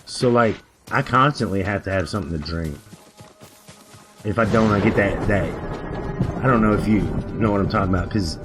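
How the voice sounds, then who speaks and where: A man's voice: on the low side, normal speed, pauses often, over music. A man with a nasal voice, chatting casually on a stream and laughing often. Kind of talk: casual chat.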